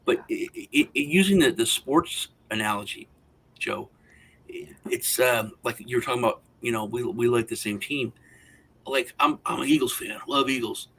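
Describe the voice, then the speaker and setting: A man's voice: medium pitch, moderate pace, a bit bright, slightly rough, rough recording. A man co-hosting a casual roundtable chat, telling long rambling anecdotes. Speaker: co-host.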